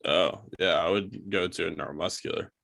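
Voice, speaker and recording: Gravelly, deep-voiced podcast co-host, man. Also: fairly quick, a bit bright, no room sound, clean studio sound. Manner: short, chiming-in remarks. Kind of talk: casual chat.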